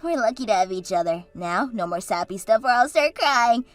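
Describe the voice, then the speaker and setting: A woman's voice: on the high side, expressive, moderate pace, no room sound, natural voice. A woman voicing Katie, a bubbly and encouraging sister and maid of honor, in a scripted story drama. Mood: cheerful.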